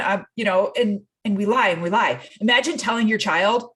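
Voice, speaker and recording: A woman fitness coach talking casually as a podcast guest, animated and acting out other people's quotes as she tells stories. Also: medium pitch, fairly quick. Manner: animated storytelling, acts out quotes.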